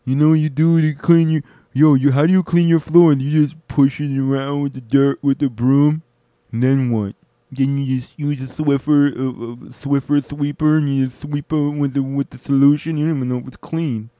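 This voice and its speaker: A man voicing a bossy, mocking male friend who scolds him loudly. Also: medium pitch, steady tone, moderate pace, no echo, pitched above the performer's own voice, lightly acted. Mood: scornful.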